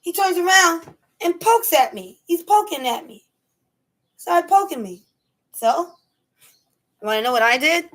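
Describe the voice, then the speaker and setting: A woman rants to camera as she tells a story. Her voice sits high and bright, and she talks with strong emphasis and acts out the scene. Her delivery is casual and animated. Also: unhurried, pauses often. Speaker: vlogger.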